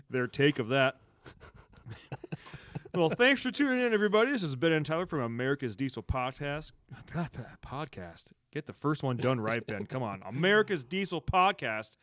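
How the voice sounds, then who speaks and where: A man's voice: medium pitch, lively intonation, moderate pace, fairly bright tone, no echo, studio quality. A man from Spokane co-hosting a podcast, joking and riffing in casual banter. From Spokane, Washington, United States. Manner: joking, laughing, riffs back and forth. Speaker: podcast co-host.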